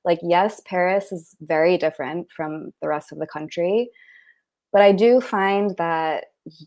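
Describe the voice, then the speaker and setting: A woman from Rhode Island co-hosts a laid-back live chat, her voice sitting a little low. She talks easily, with fillers and frequent laughter. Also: unhurried. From Rhode Island, United States. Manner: relaxed, laughs often, many fillers. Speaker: co-host.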